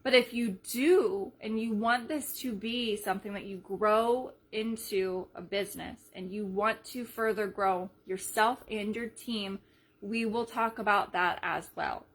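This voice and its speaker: A woman leading a sales team in a casual live video, chatty and energetic, retelling conversations as she goes. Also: medium pitch, unhurried. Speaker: team leader.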